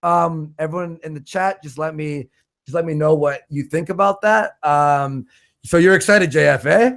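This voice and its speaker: A man's voice: fairly high pitch, vocal fry, fairly bright tone. A man hosting a livestream, reading out viewer donations in a loose, profane, joking way. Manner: loose and profane, quick laughs. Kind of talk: casual livestream chat.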